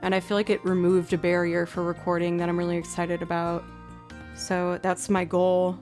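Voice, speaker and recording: A woman's voice: lowish voice, completely flat delivery, normal speed, a little mellow. Chatty woman livestreaming with faint music. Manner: chatty, lots of "like", baby talk to her cat. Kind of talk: casual livestream chat.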